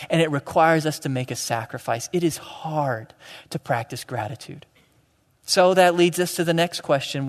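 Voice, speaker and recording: A man preaching a sermon as pastor, animated and building to loud, emphatic peaks. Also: fairly high pitch. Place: church sanctuary. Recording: reverberant church hall.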